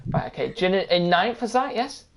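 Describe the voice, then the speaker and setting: A woman hosting a live online race league, talking in a brisk, chatty way and sorting out the starting grid. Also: mid-range voice, sing-song, slight background noise. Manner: brisk, chatty, easily amused. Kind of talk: live-stream race admin chat.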